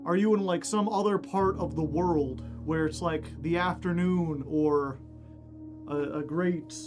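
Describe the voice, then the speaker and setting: Young male streamer, winded, unhurried chatty delivery, high voice, faint music underneath. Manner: chatty, reading out chat names. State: out of breath. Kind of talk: casual stream chat greeting viewers.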